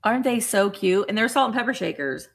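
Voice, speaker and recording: A middle-aged woman hosting a casual live stream, chatting with viewers and getting excited over small cute items. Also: medium pitch, brisk, vocal fry. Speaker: vintage reseller hosting a livestream.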